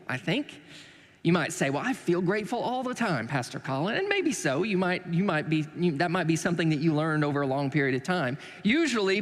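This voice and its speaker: A man's voice: a little high, a bit bright, big-room sound. A man preaching a sermon as pastor, conversational and joking, with self-deprecating asides. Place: church sanctuary.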